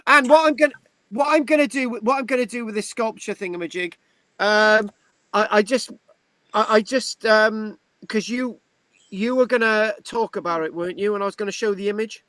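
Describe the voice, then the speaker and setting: A man from Britain hosting an online history class, chatty and halting, with many restarts, on a video call. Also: high-pitched, fairly bright tone, dry recording. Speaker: history class tutor and host. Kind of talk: casual online class talk.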